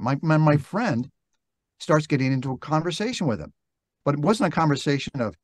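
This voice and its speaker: A man's voice: fairly high pitch, lively intonation, dry recording. Older man telling stories in a dry studio. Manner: reflective, halting with restarts, acts out quoted dialogue. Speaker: interview guest, narrator and actor. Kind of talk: relaxed storytelling interview talk. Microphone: podcast microphone.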